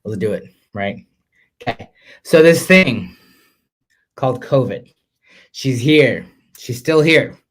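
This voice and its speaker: A man's voice: medium pitch, takes it slowly, long pauses. A man hosting a casual live-stream podcast, sassy and chatty, calling viewers "sis" and slipping in Spanish words. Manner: expressive, mixes in Spanish words. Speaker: podcast host, chef.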